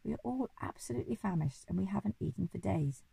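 A woman voicing a polite, hungry female giraffe who is genteel and timid but quick to get excited. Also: medium pitch, gravelly, slightly rough, no room sound, heavily acted.

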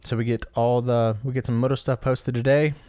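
A man's voice: medium pitch, little pitch movement, fairly quick, warm tone, clean tone, dry recording. A man hosting a casual solo commentary episode, rambling and correcting himself as he stumbles over names. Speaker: podcast host.

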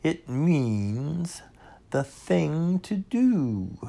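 A man's voice: on the high side, sing-song, extremely slow, vocal fry, mellow, pitched above the performer's own voice, exaggerated voice. A man voicing a pompous, long-winded owl in a storybook reading, fond of long words. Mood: lecturing.

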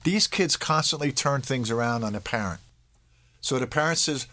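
A man's voice: mid-range voice, moderate pace, bright, forceful tone. A man speaking as a parenting expert in an interview, conversational, checking in with his listener and briefly acting out lines of kids and parents. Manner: checks in with "all right?". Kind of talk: explaining in an interview.

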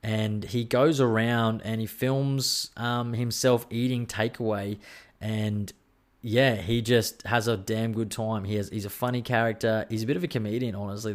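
Excitable sweary podcast bloke. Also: male voice, on the low side. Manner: excitable, swearing, rambling storytelling. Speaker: podcast host. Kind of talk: casual solo podcast chat.

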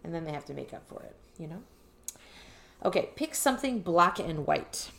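A woman's voice: fairly low pitch, sing-song, moderate pace, a bit bright. A woman co-hosting a podcast, chatting casually and reading out quiz options one by one. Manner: reads quiz options aloud in a list. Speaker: podcast co-host. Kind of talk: casual chat.

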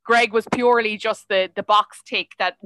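Brief: young Irish woman, bright forceful tone, close dry mic, lively chatty guest. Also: medium pitch, normal speed, dry recording. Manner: chatty, enthusiastic, animated storytelling. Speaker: podcast guest. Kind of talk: casual chat.

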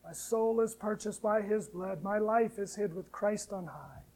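A man with a high, mellow voice preaches a sermon at an unhurried pace. He drops to near-whispers and then rises into loud, fervent appeals, reciting hymn lines slowly. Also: low-quality recording. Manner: preaching with sharp swings between soft, hushed lines and loud, rising ones. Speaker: pastor.

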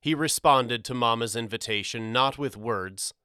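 A man narrating a storybook audiobook in a measured, expressive reading. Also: medium pitch, clean tone, no echo, clean studio sound.

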